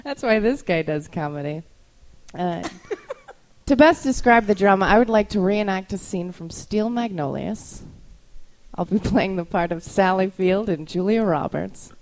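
A woman's voice: mid-range voice, lively intonation, unhurried, a little mellow. A young woman doing stand-up comedy bits, a bit tipsy and laughing through her lines. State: tipsy from whiskey.

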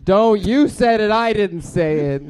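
A man's voice: high voice, a little slow, a little mellow, clear, resonant tone. A man in improv comedy playing a brash, crude working-class guy who rambles and swears. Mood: indignant.

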